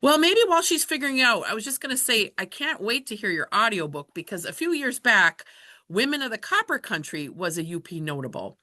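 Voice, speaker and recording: A woman hosts a book club over a video call, her voice bright and fairly high. She talks in a chatty way with pitch that rises and falls a lot. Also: very animated, a little fast. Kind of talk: casual talk in a video call Q&A.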